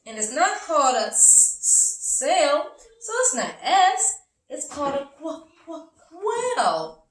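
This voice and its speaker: Woman, kids' phonics teacher: high, lively, slow sing-song; mic a bit far off in an echoey room. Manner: slow, sing-song, encouraging, exaggerated letter sounds. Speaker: early-learning teacher. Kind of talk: phonics lesson for young children. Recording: roomy, from a distance.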